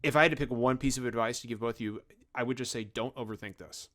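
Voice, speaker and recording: A man's voice: mid-range voice, steady tone, fast talker, a bit bright. A man in a casual group chat, emphatic and self-deprecating as he gives advice. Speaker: panelist.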